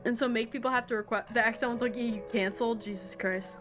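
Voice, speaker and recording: A woman's voice: a little high, fairly even intonation, fast talker, over music. A young adult woman streaming a game, chatty and self-deprecating, swearing freely. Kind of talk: casual game stream chat.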